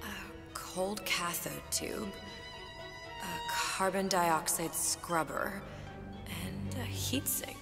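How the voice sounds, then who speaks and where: An actress playing a clever young woman who speaks in a dry, wry, quick-witted way. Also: fairly low pitch, gravelly, music in the background, full character voice.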